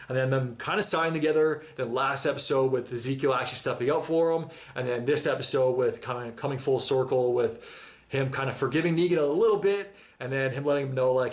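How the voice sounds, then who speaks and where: Talking quickly in a mid-range voice, a man reacts to a TV episode for his channel. The casual monologue is slangy, enthusiastic and emotional, and at one point he almost breaks down crying.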